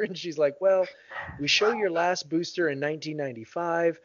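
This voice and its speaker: A man in his thirties, co-hosting a podcast, telling a long anecdote in casual chat, with many fillers and lively voiced quotes. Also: on the high side, fairly quick. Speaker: podcast co-host. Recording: dull lo-fi podcast audio.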